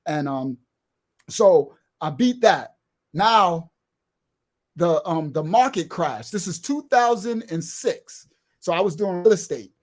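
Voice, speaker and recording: A middle-aged man telling a street story in an animated way, acting out other people's voices and swinging from loud outbursts to low murmurs. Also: takes it slowly. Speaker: guest telling his life story.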